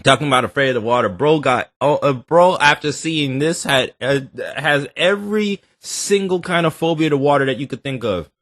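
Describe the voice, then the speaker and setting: A man hosting a reaction video, talking in animated, joking, slangy banter. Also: on the high side, normal speed, few pauses, dry recording, clean studio sound. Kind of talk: casual reaction commentary.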